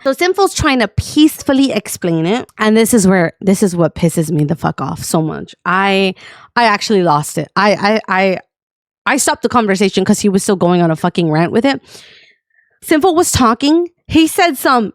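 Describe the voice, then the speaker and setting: A woman's voice: on the high side, animated, normal speed, dry recording, clean studio sound. A woman streamer ranting to her chat, heated and profane, with sarcastic outbursts. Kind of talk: storytime rant to stream chat.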